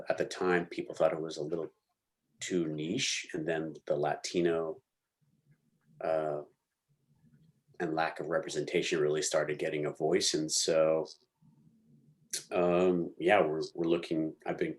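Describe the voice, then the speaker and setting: A young adult man, an actor guest, telling lively stories in a casual interview and acting out what people said. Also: very deep voice, measured pace, pauses often. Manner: animated storyteller, slangy, acts out quotes.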